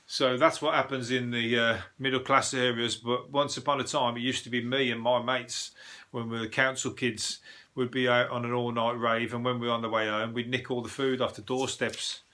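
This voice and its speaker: A man's voice: mid-range voice, level tone, normal speed, bright, forceful tone. A man hosting a comedy news podcast, rambling profanely and chuckling through his stories. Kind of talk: casual comedic news monologue.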